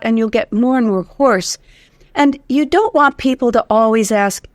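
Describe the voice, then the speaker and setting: A woman's voice: fairly high pitch, moderate pace, no room sound. Dry-sounding American woman voice teacher. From United States. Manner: demonstrative, hums examples, laughs easily. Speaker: voice teacher, guest. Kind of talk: instructive interview talk.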